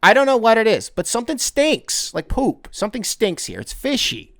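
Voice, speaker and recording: A man's voice: very high voice, sing-song, normal speed, fairly bright tone, dry recording, clean studio sound. A man hosting a sports podcast, ranting in a heated, rambling way, swearing and often restarting his sentences. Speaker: podcast host. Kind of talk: casual sports podcast rant.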